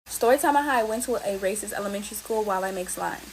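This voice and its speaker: A young woman chats through a storytime in a casual, emphatic way, her voice sitting at an ordinary middle pitch. She gets animated as she tells it. There is clear background noise under the recording. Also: racing. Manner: chatty, emphatic, animated retelling. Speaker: storytime vlogger. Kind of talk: casual storytime while making slime.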